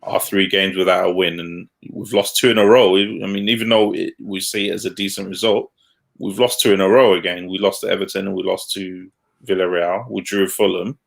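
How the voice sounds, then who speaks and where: Casual male co-host, low gravelly voice, blunt and quick to laugh. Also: steady tone. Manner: blunt, laughs at his own points. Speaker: podcast co-host. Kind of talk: casual football chat.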